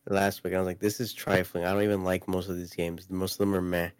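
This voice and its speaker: A man's voice: low-pitched, flat delivery, fast talker, smooth, no room sound. A man co-hosting a casual podcast chat about video games, rambling with lots of fillers and restarts. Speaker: podcast co-host.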